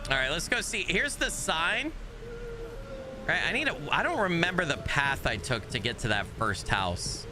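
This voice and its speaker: A man's voice: very animated, moderate pace, noisy background. Chatty man streaming a game. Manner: chatty, swears a lot, yells in bursts of high-pitched mock panic. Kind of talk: live gameplay commentary.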